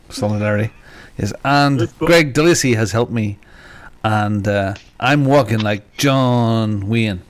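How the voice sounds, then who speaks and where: A man with a Northern Irish accent, co-hosting a podcast in casual, bawdy, joking chat. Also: mid-range voice. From Northern Ireland. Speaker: podcast co-host.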